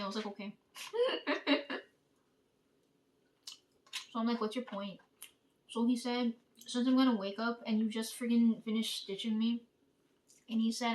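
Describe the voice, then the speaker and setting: A woman's voice: fairly high pitch, slight background noise. Chatty woman telling a rambling story. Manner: profane, rambling, peppered with "like" and "right?". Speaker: vlogger. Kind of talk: casual storytelling.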